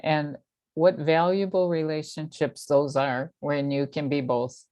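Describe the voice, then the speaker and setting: A woman's voice: low-pitched, flat delivery, unhurried, dark tone, dry recording. A woman hosting a conversation, reflective, summing things up and laughing easily. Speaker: host. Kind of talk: casual conversation.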